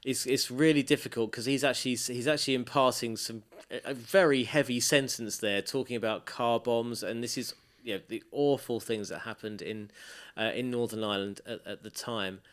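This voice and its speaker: A male podcast co-host chatting casually and enthusiastically about audiobooks. He rambles and circles back on his thoughts. His voice is smooth and resonant. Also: medium pitch, steady tone, moderate pace. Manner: rambling, enthusiastic, many restarts. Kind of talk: casual chat.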